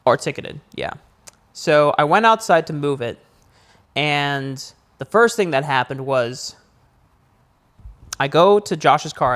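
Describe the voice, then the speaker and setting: A young man with a fairly high voice tells a story on a casual podcast. He talks loosely and jumps even higher and louder when he replays his own panic. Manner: animated storyteller, rises high acting out panic. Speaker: podcast co-host.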